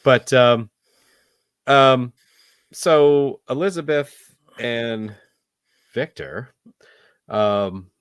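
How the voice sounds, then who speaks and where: A man's voice: medium pitch, drawn-out words, long pauses, clear, resonant tone, no echo, clean studio sound. A man co-hosting a casual film review podcast, rambling with lots of fillers and restarts. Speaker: podcast co-host.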